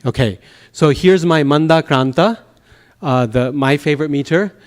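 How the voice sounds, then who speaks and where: Patient man teaching a class. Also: a little high. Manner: patient, explanatory, checks understanding with "okay?"; recites Sanskrit verse slowly in rhythm. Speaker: Sanskrit teacher. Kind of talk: classroom lecture. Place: temple classroom.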